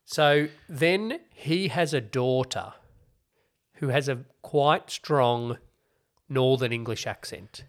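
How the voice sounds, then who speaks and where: A man's voice: medium pitch, slow. A man, co-hosting a casual podcast chat and explaining a TV show at length with wry asides. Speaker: podcast co-host. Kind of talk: casual chat reviewing TV shows.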